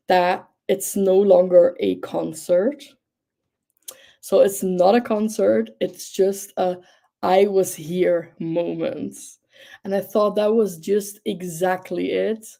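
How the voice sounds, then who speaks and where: A young woman hosts a livestream in a warm, medium-pitched voice with vocal fry. She chats casually, gushing with enthusiasm and using plenty of fillers.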